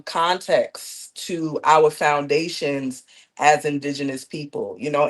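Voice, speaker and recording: A woman speaking as a guest in a discussion, reflective and loose, often dropping "you know" between thoughts. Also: deep voice. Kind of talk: conversational discussion.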